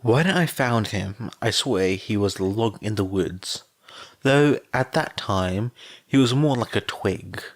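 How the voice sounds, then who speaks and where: A man voicing a kindly adult scientist who cares for a child, patient and gently teasing, in a fan audiobook reading. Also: fairly low pitch, expressive, slow pace.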